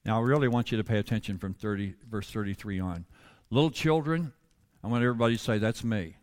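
A man's voice: on the low side, a little fast, long reverb tail. A male pastor preaching a sermon to his congregation, calling out for responses and building to fervent emphasis. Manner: builds from quiet teaching to loud, fervent preaching. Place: church sanctuary.

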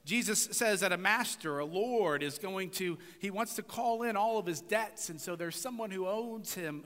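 A man's voice: high voice, bright, forceful tone, long reverb tail. A man preaching a conversational sermon as a pastor, often checking in with his listeners through rhetorical questions.

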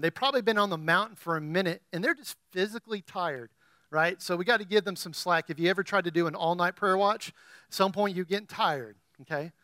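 High bright-voiced male preacher. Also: no room sound, clean studio sound. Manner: animated preaching, rising to loud emphatic peaks, asks the congregation questions. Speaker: pastor. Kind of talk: sermon.

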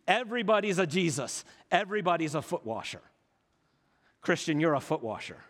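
A man's voice: sits high, fairly bright tone. A man preaching a sermon to a congregation, emphatic and full of rhetorical questions. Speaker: pastor. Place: church hall. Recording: long hall reverb.

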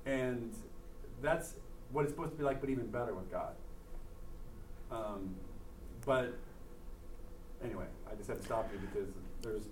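A man speaking earnestly and haltingly in a casual conversation about faith, with frequent restarts. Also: mid-range voice, background noise. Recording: echoey room, mic at a distance.

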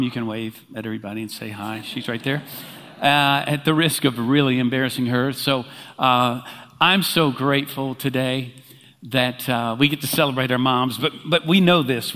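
A man preaching a sermon as pastor, animated and conversational in his delivery. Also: a little high. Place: church sanctuary. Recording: reverberant church hall.

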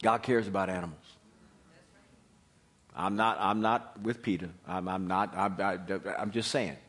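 A man preaching a sermon and telling a Bible story in an animated manner, swinging between loud and hushed. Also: low voice, a little slow, slightly rough.

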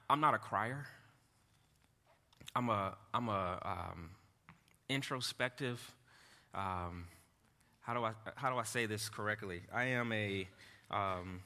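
A man preaches a sermon in a halting, earnest way, restarting phrases and turning to the congregation with asides. His voice is sharp and bright. The sound carries the long reverb of a church hall. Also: fairly low pitch. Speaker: pastor. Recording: echoey hall.

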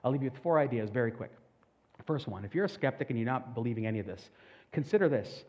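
A man preaching a sermon as pastor, talking earnestly and building to loud, emphatic peaks. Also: mid-range voice, lively intonation, fast. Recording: dull sound with long hall reverb.

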